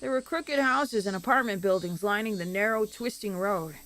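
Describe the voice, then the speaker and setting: A woman streamer reading a visual novel aloud with expressive, dramatic narration. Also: mid-range voice, normal speed, slight background noise. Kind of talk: dramatic narration of game text.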